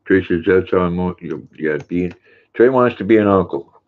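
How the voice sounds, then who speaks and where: Older male stream host, deep, folksy chat-reader, thin phone-quality audio. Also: moderate pace. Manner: folksy, warm with his dog, chatty. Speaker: livestream host. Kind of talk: reading viewer chat aloud on a livestream. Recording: tinny phone-like sound.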